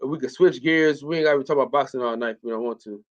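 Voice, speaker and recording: A man's voice: medium pitch, rapid-fire. A man hosting a live stream in casual chat, loose and profane, repeating himself often. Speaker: host. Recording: muffled lo-fi stream audio.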